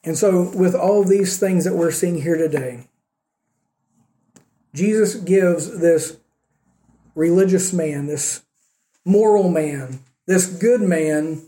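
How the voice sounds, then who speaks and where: Guy preaching a sermon, kinda high voice, echoey room, lots of rhetorical questions. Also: slow pace, long pauses, warm tone. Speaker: pastor. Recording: roomy echo.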